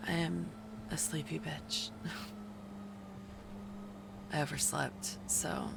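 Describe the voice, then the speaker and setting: Woman streamer, groggy and hoarse-cracking, heavy vocal fry, chatty and self-mocking, noisy background. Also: low voice, steady tone, a little slow. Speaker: live streamer. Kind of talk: casual chat to stream viewers.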